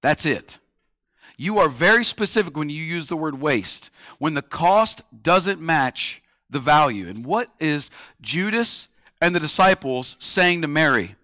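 A man preaching a sermon with passion, slowing down to stress key words and acting out the voices of critics. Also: on the high side, expressive, bright, forceful tone, dry recording, studio quality. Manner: acts out quoted critics in a mocking tone. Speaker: pastor.

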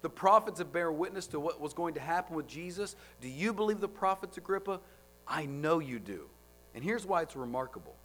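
A man's voice: fairly high pitch, lively intonation, a little fast, soft background music. Emphatic man preaching a sermon. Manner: emphatic, rhetorical questions, swings between loud and soft.

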